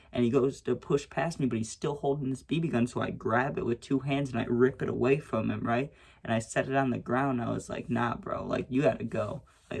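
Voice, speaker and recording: A young man tells a story in a loose, rambling way, checking in with "right?" after nearly every point. His voice is gravelly with a husky edge at an ordinary pitch. He swears casually and raises his voice when he acts out what was said. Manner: rambling, frequent "right?" and "you know what I'm saying"; swears freely, acts out shouted quotes.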